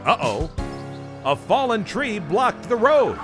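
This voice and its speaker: A man narrating a children's storybook in an animated, expressive way. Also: a little high, unhurried. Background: music.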